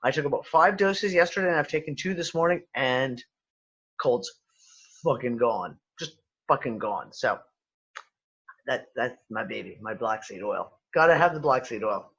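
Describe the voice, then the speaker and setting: A man's voice: medium pitch, normal speed, fairly bright tone, husky, highs cut off. A man with a West Midlands English accent, co-hosting a casual chat, rambling and swearing freely with many restarts. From England. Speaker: podcast co-host.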